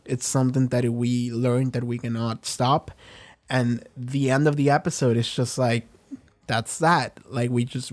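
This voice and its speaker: A man's voice: mid-range voice, darkish tone. A man hosting a reaction video, rambling candidly through an episode review, with casual swearing and frequent restarts.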